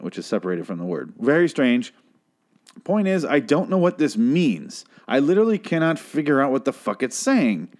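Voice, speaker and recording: A man's voice: mid-range voice, darkish tone. Profane, sarcastic man ranting. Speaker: podcast host. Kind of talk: solo podcast commentary.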